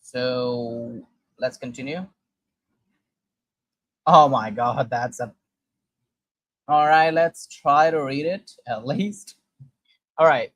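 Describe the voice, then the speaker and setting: Halting man reading sources aloud. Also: mid-range voice, dry recording, dull audio. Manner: halting, with frequent restarts and fillers while reading. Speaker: commentator presenting sources.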